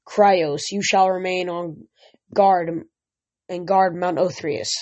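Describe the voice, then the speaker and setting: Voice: mid-range voice, fairly even intonation, slow, a little mellow, lightly acted. A reader voicing a cruel, arrogant Titan lord giving orders, in a dull lo-fi recording. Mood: commanding. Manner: commanding, arrogant.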